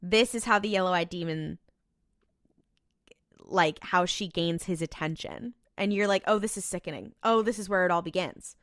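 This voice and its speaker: A woman co-hosting a podcast, recapping a TV episode in casual chat and quoting characters in quick asides. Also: on the low side, a bit bright, no echo, clean studio sound. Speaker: podcast co-host.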